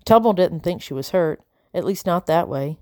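A woman reads a chapter book aloud in an even, steady narrating voice. Her voice sits on the lower side for a woman. The recording is close and dry, with no room sound. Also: normal speed, no echo. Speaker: audiobook narrator. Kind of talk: storybook narration.

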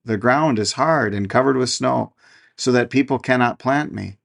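A man's voice: mid-range voice, moderate pace, gravelly. A man voicing a lonely young fir tree in a storybook reading, talking in an earnest, wistful way.

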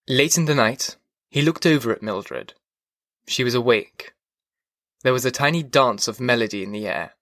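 Brief: male audiobook narrator, mid pitch, measured, dry close sound. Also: a bit bright, dry recording. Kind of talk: scripted narration.

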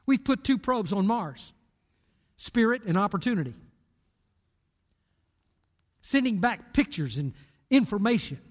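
Older male pastor, very high voice, emphatic and direct, long hall reverb. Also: expressive, unhurried, pauses often. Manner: emphatic, direct storytelling preacher. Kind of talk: sermon.

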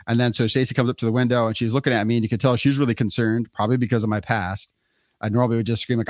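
Animated middle-aged man telling a story. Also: medium pitch, fast, no echo, clean studio sound. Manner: animated storyteller acting out quotes. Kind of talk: casual storytelling chat.

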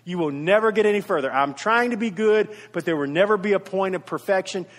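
A pastor delivers an earnest sermon, repeating his key points for emphasis and slipping in storytelling asides. His voice sits high with a touch of brightness, and the recording echoes as if in a reverberant hall.

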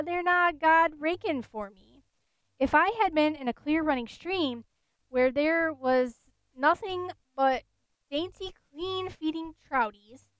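A woman's voice: high voice, a bit bright, dry recording. A woman voicing a peevish old male ghost with a Scottish accent in a read-aloud ghost story.

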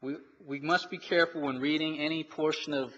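A man's voice: a little high, fairly even intonation, a little fast, fairly bright tone, muffled recording. A man preaching a sermon in a church, reading scripture and explaining it with many restarts and fillers. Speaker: pastor. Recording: long reverb, faint noise.

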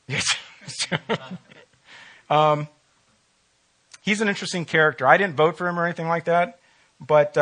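A pastor preaches a sermon in a relaxed, conversational style, frequently putting questions to his congregation. His voice is on the high side.

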